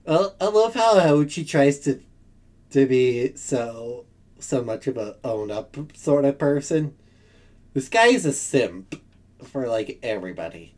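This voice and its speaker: A streamer makes joking, playful asides during a livestreamed game playthrough. The voice moves lively up and down in pitch, casual and unscripted. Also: unhurried, noisy background.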